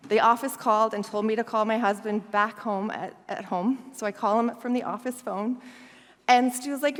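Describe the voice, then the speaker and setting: Woman, lively storyteller, laughs a lot, somewhat high voice, long hall echo. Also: normal speed. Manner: animated, laughing storyteller acting out dialogue. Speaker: guest speaker. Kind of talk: storytelling talk.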